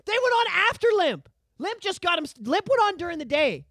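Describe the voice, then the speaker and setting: A fairly high, very lively male voice runs a casual podcast chat, cursing and often shouting as he gets worked up. The sound is close and dry, with no room around it. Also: fairly quick, no room sound. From Canada. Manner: loud, profane and animated, often shouting. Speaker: podcast co-host.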